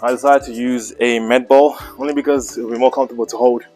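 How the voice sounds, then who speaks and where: Breathless gym vlogger, joking. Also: male voice, medium pitch, steady tone, fast talker, darkish tone, soft background music. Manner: joking, chatty coaching asides. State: out of breath between sets. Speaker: fitness vlogger. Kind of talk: casual vlog commentary. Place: indoor private gym.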